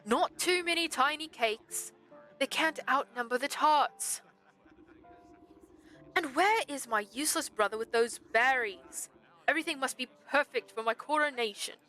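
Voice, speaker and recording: A woman's voice: high-pitched, unhurried, bright, forceful tone, pitched above the performer's own voice. A woman voicing a vain and spiteful male stag prince in a game, speaking in a haughty, grandiose, petulant way. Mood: fussy.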